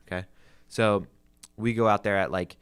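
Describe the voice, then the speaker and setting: A man's voice: fairly low pitch, steady tone, normal speed, a bit bright, clear, resonant tone. A young man who works as a car salesman tells a rambling story on a casual podcast, leaning on "like" and swearing freely.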